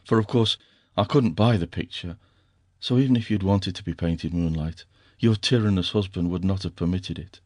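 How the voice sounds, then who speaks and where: A man's voice: low-pitched, moderate pace, darkish tone, no echo, clean studio sound. A male narrator voicing a teasing, affectionate young husband with a wry, fond way of talking.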